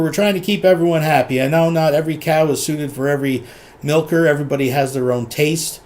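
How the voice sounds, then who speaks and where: A man's voice: on the high side, a little mellow. A man hosting a commentary show, chatty, often addressing listeners as folks. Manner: chatty, keeps saying "folks". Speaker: commentary channel host. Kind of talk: casual commentary.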